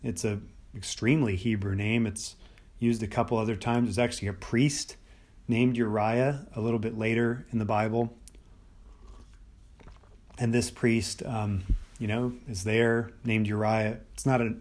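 A man's voice: lowish voice, little pitch movement, unhurried, a little mellow. A middle-aged American man teaching on the Bible in a loose, unscripted podcast talk, thinking aloud with many restarts and fillers. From United States.

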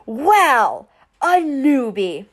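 A woman voicing a big, husky teenage bully girl who sneers and taunts in an audiobook. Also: a little high, big pitch swings, moderate pace. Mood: taunting. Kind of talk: audiobook character voice.

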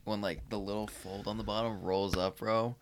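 Gravelly low-voiced young man. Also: moderate pace. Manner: animated, teasing, swears freely. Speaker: podcast co-host. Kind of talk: casual chat.

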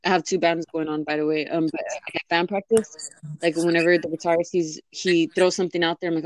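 A woman's voice: low voice, little pitch movement, fast, dry recording. A young woman in casual chat, rambling with lots of fillers and restarts. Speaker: interviewee.

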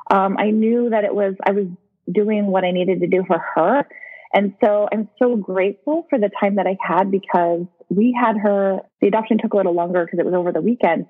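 Husky woman telling her story frankly. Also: mid-range voice. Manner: frank, blunt, with occasional swearing. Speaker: podcast guest. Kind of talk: candid personal storytelling in conversation. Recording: tinny phone-like line.

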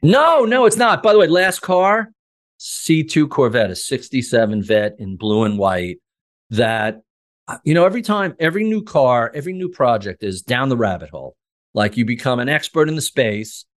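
Animated middle-aged man telling stories. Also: medium pitch, moderate pace. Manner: animated, acts out conversations. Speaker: podcast guest. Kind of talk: casual storytelling.

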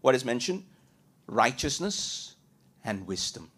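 Very animated yet slow, a pastor with a mid-range, slightly rough voice delivers a sermon full of rhetorical questions and repeated points. His lines alternate between loud emphasis and quiet moments.

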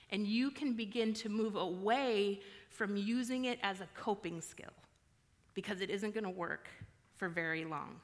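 A woman's voice: mid-range voice, a bit bright, in a large hall. A woman giving a candid personal sermon in a frank, conversational, self-deprecating way. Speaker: church speaker.

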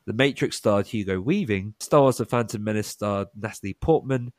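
A young adult man with a nasal voice, talking in a chatty, animated way as a radio guest. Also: on the low side, normal speed, no room sound. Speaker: quiz host guest. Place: radio studio.

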